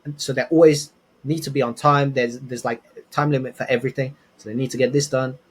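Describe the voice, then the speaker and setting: A young man appearing as a podcast guest tells casual stories in a medium-pitched, slightly rough voice, talking fairly quickly. His anecdotes are animated and rambling, with many restarts.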